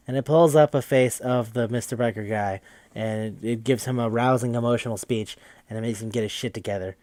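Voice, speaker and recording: A young man casually recapping a video game for a podcast, rambling, swearing freely and tossing in quick mocking quotes of the characters. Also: mid-range voice, fairly even intonation, a little mellow, no echo. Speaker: podcast host.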